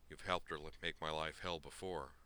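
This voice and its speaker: A hot-tempered young leader, read by a man who speaks bluntly with a wry bite. Low voice with a hard, bright edge, storybook style. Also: fairly even intonation, moderate pace, clear, resonant tone. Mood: restrained anger.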